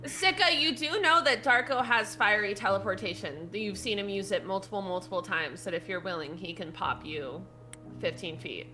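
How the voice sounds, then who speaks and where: A woman's voice: medium pitch, moderate pace, sharp tone, soft background music. A woman playing a tabletop role-playing game, upbeat and chatty. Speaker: player. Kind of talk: in-character tabletop play.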